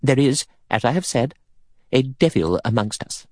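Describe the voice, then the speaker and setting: A man voices a cold, prim, self-righteous elderly spinster, pitching his mid-range voice above his own while keeping it close to everyday speech. His intonation is lively and the pace moderate, with a slightly mellow tone. The recording is dry and has a clean studio sound.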